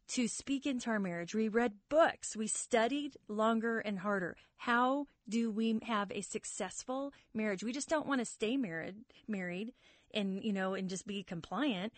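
A woman's voice: mid-range voice, dry recording. A woman guest on a radio talk show, speaking emphatically about how determined she and her husband were. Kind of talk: conversational testimony.

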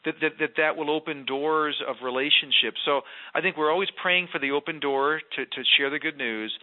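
A man's voice: fairly high pitch, a little fast. A man, a former mayor, speaking as a guest in an earnest, emphatic faith conversation. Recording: tinny phone-line sound.

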